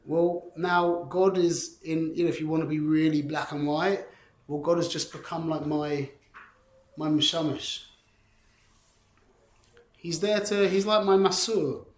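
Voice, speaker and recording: Guy teaching torah class, bit high voice, lots of restarts and questions, echoey room. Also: measured pace, long pauses. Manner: animated, many restarts and rhetorical questions.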